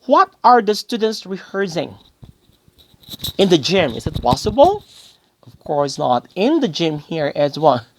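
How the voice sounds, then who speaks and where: A man's voice: a little high, a little hiss or hum. A male English teacher giving a grammar lesson, posing questions to the class and then answering them himself, often calling his listeners "guys" and repeating key phrases.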